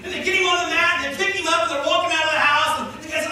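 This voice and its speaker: A male pastor preaching a sermon in a church, telling the story dramatically and swinging between loud and hushed delivery. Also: very high voice, steady tone, very fast. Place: church sanctuary. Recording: echoey church hall from far off.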